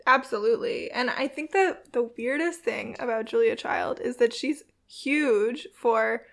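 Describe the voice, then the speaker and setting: A woman's voice: fairly high pitch, unhurried, creaky, fairly bright tone. A young woman co-hosting a casual chat, enthusiastic and full of fillers. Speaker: co-host.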